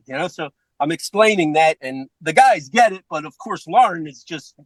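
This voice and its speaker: A man with a Philadelphia accent telling a comedic story on a podcast, profane and animated, acting out the voices of other people. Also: on the high side, fairly quick, few pauses, no echo, low-quality recording.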